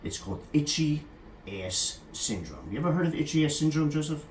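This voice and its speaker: A man's voice: on the high side, very animated, a little fast, reverberant, a little hiss or hum. A man giving a crude, rambling comic talk about hygiene, chatting to the person filming him. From California. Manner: rambling, crude and jokey, often addressing the camera operator by name. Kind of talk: casual comic monologue to the camera operator.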